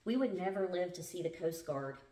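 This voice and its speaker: A woman's voice: fairly low pitch, lively intonation, fairly quick, mellow. Woman reading a memoir in a roomy space. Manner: plain storytelling read with small stumbles. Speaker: book club host. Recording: roomy, distant from the mic.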